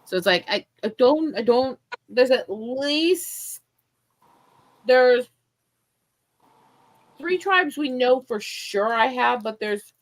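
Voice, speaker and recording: A woman's voice: on the high side, expressive, slow, pauses often, no room sound. A woman speaking in a casual chat, blunt, profane and opinionated. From United States.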